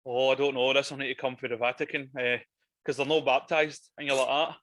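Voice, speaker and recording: A man's voice: mid-range voice, level tone, fairly quick, fairly bright tone, no room sound. A man in casual, sweary chat about a horror film, laughing often.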